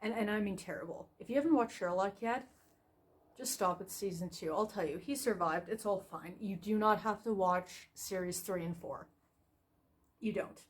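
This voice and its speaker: A woman giving a casual, scattered video review, frustrated and animated, with lots of fillers and restarts. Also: mid-range voice, moderate pace, slightly rough.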